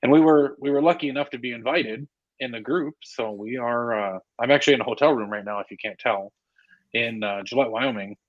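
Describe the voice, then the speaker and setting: A man's voice: mid-range voice, no echo. Hesitant man on a dull, dry remote line. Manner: hesitant, many filler pauses. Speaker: guest. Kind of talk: casual podcast chat. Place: hotel room.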